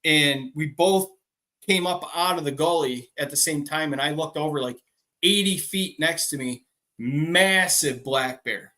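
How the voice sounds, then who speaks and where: A man's voice: a little high, a little slow, bright, forceful tone. A man co-hosting a casual farm podcast, telling a story animatedly and acting out quotes. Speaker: podcast co-host.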